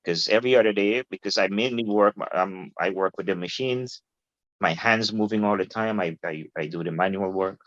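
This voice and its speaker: A middle-aged man, a guest telling his story in an animated, informal way and laughing easily. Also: on the low side, normal speed, dry recording. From Guyana. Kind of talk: casual interview storytelling. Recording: dull lo-fi, dry.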